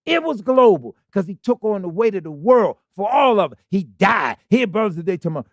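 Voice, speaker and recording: Lively preaching man. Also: high voice, a little fast, few pauses, no room sound. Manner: preaching with rhetorical questions and call-and-response. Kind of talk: sermon. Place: congregation hall.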